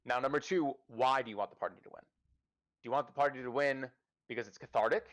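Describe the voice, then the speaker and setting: A man's voice: medium pitch, a little fast, a bit bright. A man hosting a casual livestream chat, giving profane, emphatic advice as a game master. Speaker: podcast host and dungeon master.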